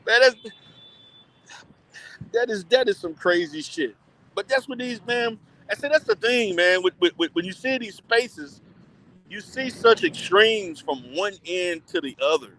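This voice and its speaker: A vlogger with a high voice live-streams casual chat while shopping in an indoor mall, speaking at normal speed against slight background noise. He's blunt and animated, often laughing and repeating words.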